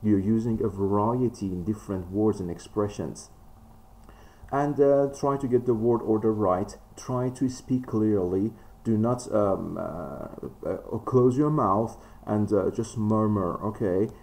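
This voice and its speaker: Low-voiced man teaching with many fillers. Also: unhurried, dark tone. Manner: frequent fillers, emphatic rises in pitch. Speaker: English test teacher. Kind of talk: spoken lesson.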